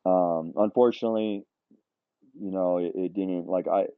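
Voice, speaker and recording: A man's voice: sits low, fairly even intonation, moderate pace, clear, resonant tone, no room sound. A middle-aged man telling a personal story in a casual podcast chat, rambling with many restarts and "you know.". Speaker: podcast guest. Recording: tinny phone-like line, dry.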